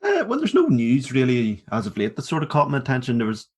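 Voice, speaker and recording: A man's voice: mid-range voice, huge pitch swings, quick pace, a little mellow, breathy edge. A man co-hosting a movie podcast, chatting in a laid-back way, swearing and laughing easily. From Northern Ireland. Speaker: podcast co-host. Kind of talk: casual chat.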